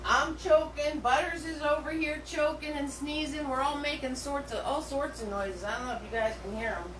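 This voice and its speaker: A woman's voice: high-pitched, normal speed, distant mic. Chatty woman teaching painting, roomy sound. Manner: chatty, rambling, many fillers and restarts. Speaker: painting instructor. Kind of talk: live step-by-step painting class. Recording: roomy, from away from the mic, faint hum.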